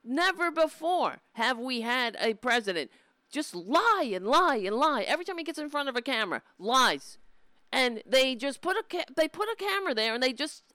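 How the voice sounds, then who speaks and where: A woman's voice: high-pitched, normal speed, no echo, clean studio sound. Exasperated profane woman streamer. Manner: profane, exasperated, mocking, animated. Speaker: political commentary host. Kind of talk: live-streamed political commentary.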